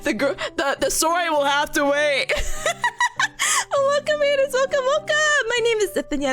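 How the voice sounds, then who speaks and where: Very high-pitched giggly woman streamer. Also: fairly bright tone. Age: young adult. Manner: bubbly, giggly, rambling. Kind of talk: casual livestream chat.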